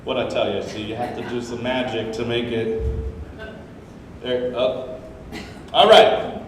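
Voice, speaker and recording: A man's voice: medium pitch, steady tone, unhurried. Joking emcee man in an echoey hall. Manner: upbeat, joking. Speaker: event host. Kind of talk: live event emcee remarks. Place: large open ground-floor hall. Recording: echoey hall, mic far off, faint room noise.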